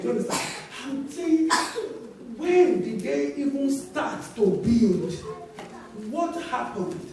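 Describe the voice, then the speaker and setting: A woman's voice: on the high side, mellow. A woman pastor with a Nigerian accent preaching a sermon in a church, telling stories with laughter and emphatic exclamations. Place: church auditorium. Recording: echoey church hall, distant mic.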